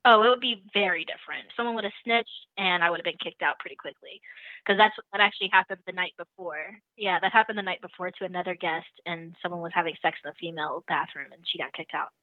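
A young woman on a call-in show spills a story with animated energy and frequent laughs. Her voice comes through a tinny phone line with no room around it. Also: fairly low pitch, fast talker, no room sound. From lives in the Netherlands. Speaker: caller. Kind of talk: casual storytelling.

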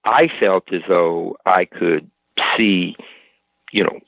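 A man, an author being interviewed, speaking reflectively in a halting way full of restarts and repeated words. The audio is dull and lo-fi, like an old radio broadcast. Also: low-pitched, steady tone, creaky, no room sound.

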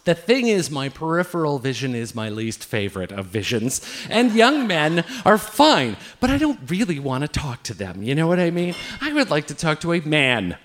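Irish-born older guy telling a funny story, high pitched, lots of laughing and swearing. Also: normal speed, hardly any pauses. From Ireland. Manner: profane, animated, laughing, quoting himself loudly. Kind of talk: live comic storytelling.

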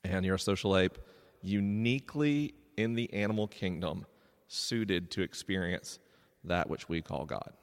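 Animated man joking in a reverberant hall. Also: low-pitched, measured pace. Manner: animated, joking, addressing the crowd. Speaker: podcast host giving a live talk. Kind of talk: live talk to an audience. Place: large stone church, live event. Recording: live hall with long reverb.

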